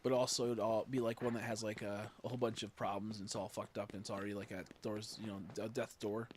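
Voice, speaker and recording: A man's voice: little pitch movement, quick pace, slight background noise. Rambling young man streaming a game. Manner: rambling, joking, swings between loud bursts and low mutters. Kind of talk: casual livestream chat while gaming.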